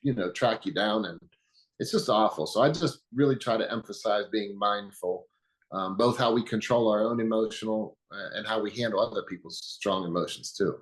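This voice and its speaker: A man speaking as an interview guest, calmly explaining in a teaching manner with examples. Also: lowish voice, normal speed, low-quality recording. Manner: calm, teaching, uses metaphors and quoted examples. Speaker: guest, anger management expert.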